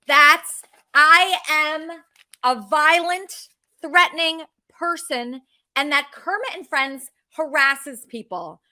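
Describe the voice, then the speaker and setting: A woman's voice: high voice, pushed and bright. A woman hosting her own online show, delivering an indignant venting monologue to viewers and often tacking on "okay?". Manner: indignant, frequently adds "okay?". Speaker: show host.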